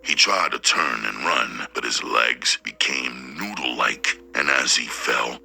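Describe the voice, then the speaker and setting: A male storyteller with an extremely deep, gravelly voice, reading slowly and deliberately. His tone is husky yet bright and forward. Soft music plays underneath. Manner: slow, deliberate, preacherly delivery. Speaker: narrator and audiobook reader. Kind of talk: dramatic storytelling narration.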